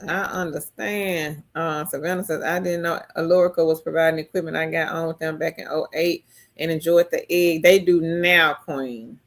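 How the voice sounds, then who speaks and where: A woman hosting a casual live stream, reading viewer comments aloud and answering them in a chatty way, her pitch jumping high when she gets excited. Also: moderate pace.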